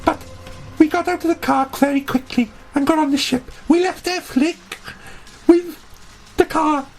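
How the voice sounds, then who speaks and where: High-voiced woman telling a brash comic tale. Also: unhurried, a little mellow, slight background noise, poor audio. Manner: brash, boastful, rambling. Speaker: storyteller. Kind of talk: comic audio-story narration in character.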